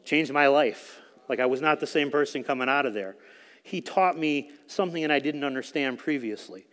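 A man's voice: mid-range voice, normal speed, a bit bright, long reverb tail. A middle-aged man giving a conversational sermon testimony in a church, telling a story with frequent fillers. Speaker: speaker at church.

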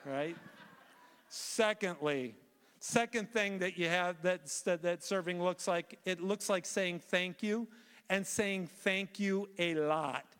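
A man preaching a sermon, telling a story in an animated way with frequent restarts and fillers. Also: sits high, slow, clean tone. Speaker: guest preacher. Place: church sanctuary. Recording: reverberant church sanctuary.

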